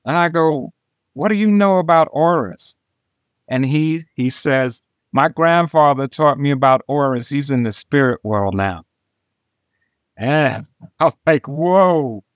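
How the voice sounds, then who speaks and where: A man who is an illustrator and interview guest, telling a story and acting out the dialogue in an animated way. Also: on the high side, no room sound, clean studio sound. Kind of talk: storytelling in conversation.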